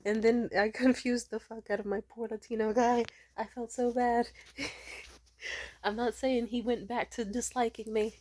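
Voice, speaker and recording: A tired, sleepy young woman vlogger telling a story in casual chat, animated, laughing often and swearing freely. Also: fairly high pitch, unhurried.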